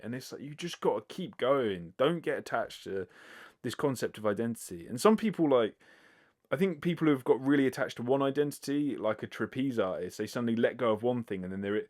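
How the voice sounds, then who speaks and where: A man's voice: mid-range voice, fairly quick, a little mellow. A British man hosting a casual solo podcast, answering listener questions in a rambling, self-deprecating way with lots of fillers and casual swearing. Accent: British English. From Britain. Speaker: podcast host.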